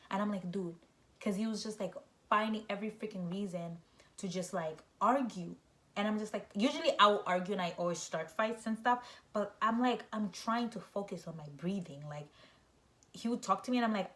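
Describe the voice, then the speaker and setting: Telling a relaxed story on her vlog, a young woman gets animated, sprinkles in "like" everywhere, and switches to shrill, high-pitched voices for quotes.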